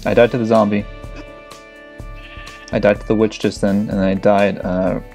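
A young man, a let's play gamer, delivers casual, frantic, swear-heavy commentary over a video game with soft music in the background. He speaks at a moderate pace in a fairly low, level, slightly mellow voice.

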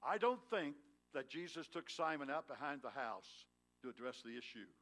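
A male pastor preaching a sermon in a church, swinging from loud, emphatic lines to hushed, tender ones and prodding his congregation with questions. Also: medium pitch, expressive, normal speed. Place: church sanctuary.

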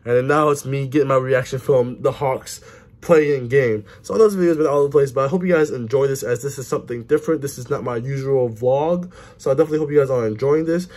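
A man vlogs straight into a handheld phone camera, his voice sitting at an ordinary middle pitch. He is an excitable sports fan who swears freely and keeps talking through mouthfuls of food. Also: quick pace. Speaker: vlogger. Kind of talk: casual chat to camera.

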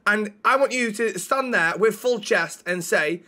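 High, bright ranting man. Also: a little slow. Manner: indignant ranting with heavy swearing. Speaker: streamer playing a police officer. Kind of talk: role-play banter.

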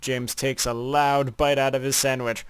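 A man's voice: mid-range voice, little pitch movement, unhurried, clear, resonant tone. A man playing a co-op game with friends, teasing them, swearing and mock-narrating the action. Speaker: gamer playing a co-op map. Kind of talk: casual gaming commentary.

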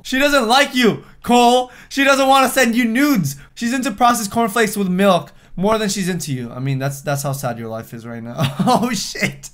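A man's voice: high voice, normal speed, few pauses, fairly bright tone, faint music behind. A young man hosting a reaction video, reading texts aloud and commenting sarcastically. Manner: sarcastic, reads texts aloud in put-on voices.

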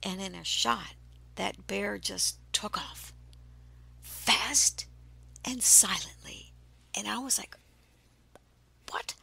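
A woman hosting a podcast, telling a personal spiritual story in a slow, hushed way that often drops to a breathy whisper. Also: mid-range voice. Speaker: podcast host.

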